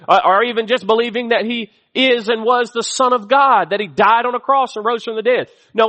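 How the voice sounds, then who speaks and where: A man's voice: high voice, a bit bright. A middle-aged man preaching a sermon, calling out to the congregation with rhetorical questions. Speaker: pastor.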